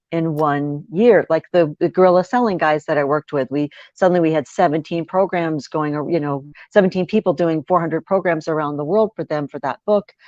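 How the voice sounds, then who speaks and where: A woman business speaker telling stories as an interview guest, lively and full of quick restarts and acted-out quotes. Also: sits low, dry recording. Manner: lively, repeats words and restarts, acts out quotes. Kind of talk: animated storytelling in an interview. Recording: dry, dull lo-fi sound.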